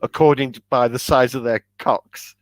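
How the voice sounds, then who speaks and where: A podcast co-host talks enthusiastically about films in a casual chat, hiccuping as he goes and acting out quoted lines in high shouts. Outside those bursts, his intonation is fairly even, his pace moderate, and there's no room sound.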